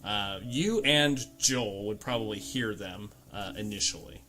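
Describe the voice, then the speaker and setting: A man narrating as game master in a casual tabletop game, pausing often with fillers. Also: on the low side, faint music behind. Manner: relaxed, halting narration with many fillers.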